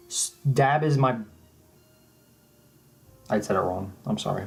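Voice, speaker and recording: A young man telling a mock-serious story in a halting, deadpan way, often restarting his sentences. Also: lowish voice, gravelly, slightly rough, faint music behind. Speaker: vlogger.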